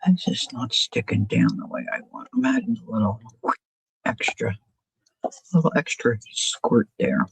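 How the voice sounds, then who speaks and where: A woman's voice: very deep voice, lively intonation, moderate pace, vocal fry, slightly rough, no room sound, poor audio. A woman hosting a craft live stream, chatting casually and musing aloud about her choices as she works, often asking her viewers what they think. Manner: chatty, muses aloud, asks viewers questions.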